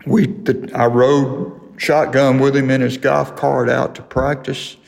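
A man's voice: mid-range voice, little pitch movement, takes it slowly, vocal fry, a little mellow. An older man telling a sports story as an interview guest, laughing through his own anecdote. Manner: folksy storyteller who laughs through the tale. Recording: long hall reverb.

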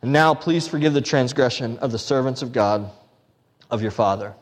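A man's voice: mid-range voice, normal speed. A man preaching a sermon as pastor, earnest, with restarts and emphatic repetition. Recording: long hall reverb.

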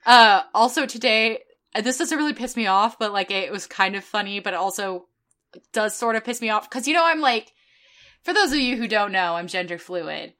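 Young female podcast co-host, bright voice, profane and heated storyteller. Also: medium pitch, expressive, moderate pace. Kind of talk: casual chat.

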